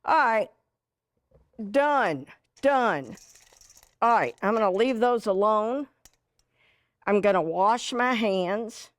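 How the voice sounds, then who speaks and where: A middle-aged woman hosts a cooking demonstration in a studio kitchen, folksy and chatty as she works. Her speech is unhurried, and her pitch swings widely up and down. The sound is dry and close, with no room echo. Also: lively intonation. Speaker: TV cooking show host.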